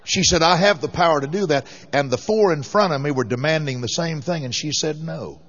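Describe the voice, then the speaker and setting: Male preacher, slightly high voice, folksy sermon storytelling, muffled lo-fi recording. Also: brisk, a bit bright. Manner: folksy storytelling, rising to fervent exhortation.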